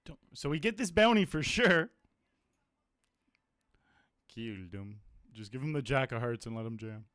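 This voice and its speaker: Smooth-voiced man, casual poker stream chat. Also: mid-range voice, expressive, moderate pace, a bit bright, no room sound, clean studio sound. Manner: blunt, swears freely, self-mocking. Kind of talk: casual live-stream commentary.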